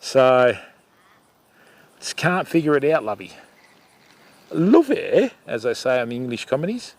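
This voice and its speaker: A man's voice: medium pitch, big pitch swings, measured pace. A middle-aged Australian man hosting a fishing livestream outdoors by a river, chatting casually with viewers and calling them mate. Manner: chatty, calls viewers mate and lovey, rambling asides. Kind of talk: casual live chat with viewers.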